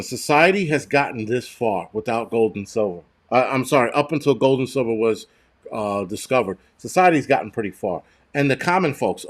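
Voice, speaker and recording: A man hosting a casual livestream, ranting bluntly with lots of swearing and rambling restarts. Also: medium pitch. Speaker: host.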